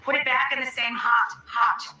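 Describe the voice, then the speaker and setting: A woman's voice: high voice, flat delivery, moderate pace. A woman hosting a TV cooking show, chatting cheerfully through her recipe. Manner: chatty, upbeat presenting. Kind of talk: TV cooking demonstration. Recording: echoey, distant TV clip with loud noise.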